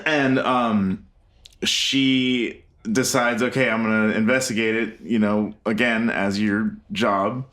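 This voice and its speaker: A man's voice: on the low side, fairly even intonation, slow pace. A man co-hosting a casual podcast, recapping a film scene in a loose, profane, rambling way with plenty of fillers. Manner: rambling, profane, laughs loudly and often. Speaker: podcast co-host.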